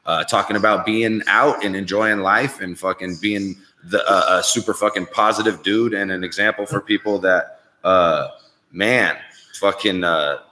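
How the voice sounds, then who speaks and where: A man's voice: deep voice, fairly even intonation, normal speed, bright, forceful tone. A man hosting a live Q&A stream, talking casually, rambling and swearing constantly. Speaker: show host on a live stream. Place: visiting Canada, indoors.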